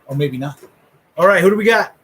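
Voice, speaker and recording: A man's voice: high-pitched, expressive, brisk, a bit bright, slight background noise, low-quality recording. A middle-aged man hosting a live fantasy football draft order reveal, rambling and joking with friends. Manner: joking, rambling trash talk. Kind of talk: casual live commentary.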